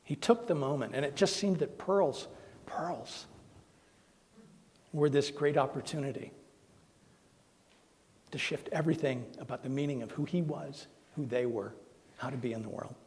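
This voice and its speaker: A male minister telling an emotional personal story during a sermon, with soft, tender quoted voices. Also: a little high, normal speed, pauses often. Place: church sanctuary. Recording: long hall reverb.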